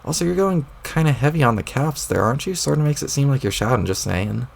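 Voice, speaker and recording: A man reading a webcomic aloud, voicing a clueless, rambling young male adventurer with old-timey folksy exclamations in a lowered, gravelly voice. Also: lively intonation, fast talker. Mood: apologetic.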